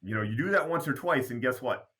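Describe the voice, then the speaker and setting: A man from Canada is a guest on an interview podcast, reliving his memories in a lively, animated way and acting out each conversation. His voice is bright and forward, and it sits at an ordinary male pitch. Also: fast talker. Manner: animated storyteller who acts out remembered dialogue. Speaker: guest, basketball program founder. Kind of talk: casual interview storytelling.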